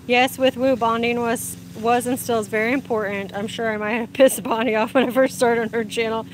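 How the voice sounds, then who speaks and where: Chatty woman with a higher voice. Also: steady tone, a little fast, a little hiss or hum. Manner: chatty, warm greetings, frequent laughs. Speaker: livestream host reading viewer comments. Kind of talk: casual live chat. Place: outdoors in sunlight. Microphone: phone.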